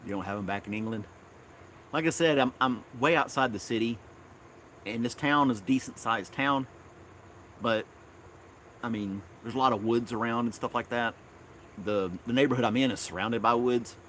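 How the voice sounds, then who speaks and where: A man's voice: medium pitch, normal speed, pauses often, fairly bright tone, a little hiss or hum. A man from Tennessee, hosting a casual live stream outdoors in his backyard, rambling and chuckling often.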